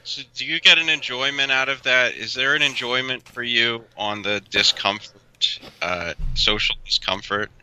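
A man's voice: mid-range voice, normal speed, few pauses, bright, forceful tone, a little hiss or hum, poor audio. A man hosting a podcast, asking probing questions with a few hesitant fillers. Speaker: podcast host. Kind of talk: interview questions.

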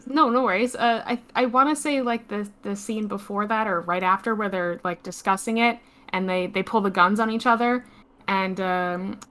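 A woman in a casual movie discussion, tentative and soft-spoken, sharing favorite lines she wrote down. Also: medium pitch, normal speed.

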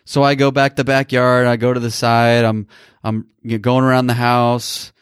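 A man in his thirties co-hosts a podcast, telling a personal story in an emotional, rambling way with many restarts. His mid-range voice keeps a level tone at a moderate pace, recorded clean in studio quality with no echo.

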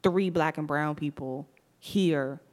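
A woman's voice: low-pitched, takes it slowly. Young Southern woman with a slight lisp. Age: young adult. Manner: animated, laughs often, slangy. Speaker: podcast host. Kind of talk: casual podcast chat.

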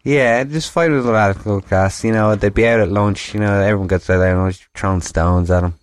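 A man's voice: lowish voice, fast talker, no room sound, studio quality. Irish man, rambling sweary storyteller. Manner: rambling, swears freely, laughs through his story. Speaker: podcast host. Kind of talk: casual storytelling chat.

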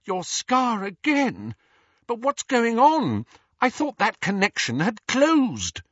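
A man voicing an anxious, bossy teenage girl witch in an audiobook, shrill and lecturing. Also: very animated, measured pace, fairly bright tone, dry recording, heavily acted. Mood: frightened. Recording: dull, muffled audiobook sound.

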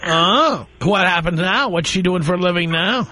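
A man's voice: high voice, normal speed, pushed and bright. A man hosting a call-in radio talk show, answering callers with wry, exasperated quips. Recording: radio broadcast.

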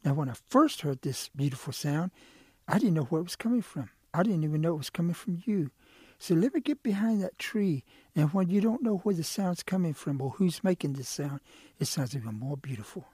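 A man's voice: a little high, animated, brisk, mellow, husky, no echo, studio quality. A man voicing an eager, sly male quail in a told animal story, talking in a pleading, wheedling way.

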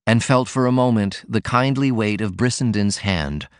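A man narrating an audiobook in a measured, steady reading voice. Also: on the low side, smooth, no echo, studio quality.

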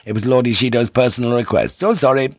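A man reading a brisk samurai officer who is courteous yet commanding. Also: medium pitch, dry recording, natural voice. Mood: apologetic.

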